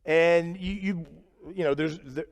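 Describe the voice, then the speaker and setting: A man preaching a sermon in a church, earnest and conversational, swinging between loud emphasis and quiet asides. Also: a little high, steady tone, a little slow. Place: church sanctuary. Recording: reverberant church hall.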